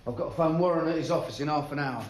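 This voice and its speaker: Man doing a cockney con man, high voice, rapid patter, cheeky, combative, TV drama. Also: a little hiss or hum, lightly acted. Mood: defiant. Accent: London Cockney. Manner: cheeky, fast-talking, trading insults. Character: brash London con man, quick-tongued and combative. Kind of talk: TV drama acting.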